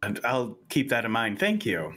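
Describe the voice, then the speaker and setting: A man's voice: mid-range voice, huge pitch swings, normal speed, pushed and bright, soft background music. A man playing a tabletop game in character, speaking earnestly with some hesitation. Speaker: player.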